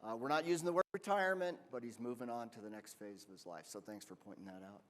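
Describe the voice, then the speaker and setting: A man's voice: medium pitch, fast, heavy background noise. Guy chatting friendly from the stage, stumbles a bit, hall echo. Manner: friendly, conversational, with some stumbles. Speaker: ski area operations chief. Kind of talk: conference presentation. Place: conference hall. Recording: long reverb of a conference hall.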